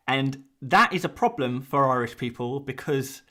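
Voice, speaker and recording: An English man chats to his viewers on a live stream in a loose, rambling way. His voice is animated and swings widely in pitch, jumping high when he gets worked up. The delivery is casual and unscripted, full of restarts. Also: normal speed. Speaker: fantasy football streamer.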